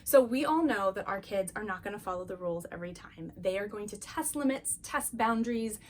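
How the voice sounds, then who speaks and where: A woman's voice: medium pitch, animated, brisk, a little hiss or hum. A middle-aged woman teaching a parenting lesson in an earnest, encouraging, chatty way, acting out little quotes to her kids. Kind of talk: talking-head parenting lesson.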